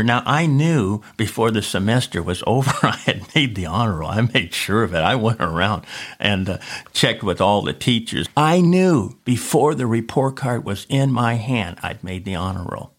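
A man with a fairly low voice shares a personal story in a devotional podcast. He tells it in an animated way and keeps chuckling as he goes. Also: normal speed. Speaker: podcast preacher.

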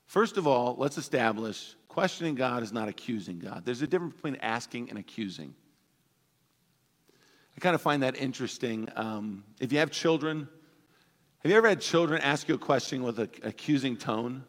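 A man preaching a sermon as pastor, animated and playful, acting out everyday voices for laughs. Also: medium pitch, moderate pace, in a large hall. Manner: animated, acts out voices of toddlers and parents for laughs.

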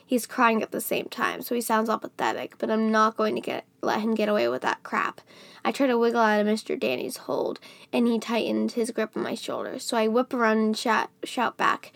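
Creaky-voiced woman reading a novel aloud. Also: brisk, no echo. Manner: reads expressively, louder and higher on lines of dialogue. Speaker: book reviewer reading an excerpt.

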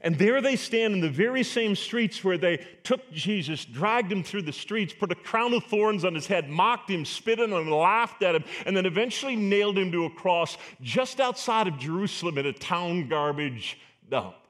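A man's voice: high voice, lively intonation, moderate pace, few pauses, a bit bright. A man preaching a sermon as pastor, earnest and emphatic, asking the congregation rhetorical questions.

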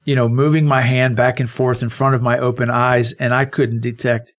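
A man's voice: medium pitch, level tone, normal speed. A man co-hosting a conversational Bible study, explaining verses and stressing single words. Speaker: Bible teacher and co-host.

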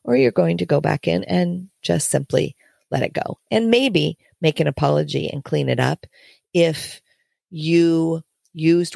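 A podcast host speaking slowly and deliberately with many fillers, giving reflective faith-based parenting talk. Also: mid-range voice, creaky, a little mellow, dry recording, clean studio sound.

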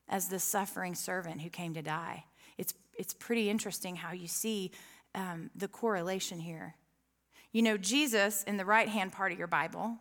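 A woman giving a sermon to a gathered room. She reads scripture slowly and then talks in a casual, earnest way, checking in with the audience with quick questions. Her voice sits at an ordinary middle pitch. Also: fairly bright tone, long reverb tail. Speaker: preacher.

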